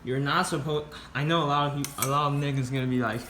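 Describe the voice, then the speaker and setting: A man's voice: mid-range voice, steady tone, fast, hardly any pauses, sharp tone, a little hiss or hum. A teenage boy filming a cooking vlog in his home kitchen on a phone, joking brashly, swearing a lot and rambling off topic. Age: teens. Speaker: vlogger.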